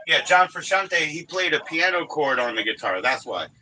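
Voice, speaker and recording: A man's voice: on the high side, sing-song, moderate pace, sharp tone, a little hiss or hum, low-quality recording. A man hosting a casual livestream, rambling with lots of swearing about records he is trying to sell. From Washington DC area. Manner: rambling, profane, sings snatches of songs. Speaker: livestream host.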